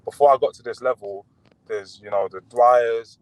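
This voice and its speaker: A man chatting as a boxer guest on a podcast, relaxed and full of fillers and restarts. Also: medium pitch, normal speed, dry recording, rough recording. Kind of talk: casual podcast interview.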